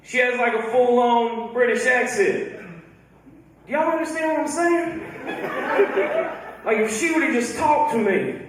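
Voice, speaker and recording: A man from Georgia with a Southern accent, performing a stand-up comedy set with deadpan punchlines. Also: extremely high pitch, unhurried, long pauses. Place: comedy club stage. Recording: echoey club from a distance, audible noise. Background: audience laughter.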